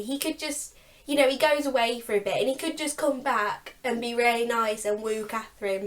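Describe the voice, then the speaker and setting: A young woman co-hosting a book channel, chatting casually and laughing often as she vents. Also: fairly high pitch. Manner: chatty, laughs often, exasperated about characters. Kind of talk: casual chat.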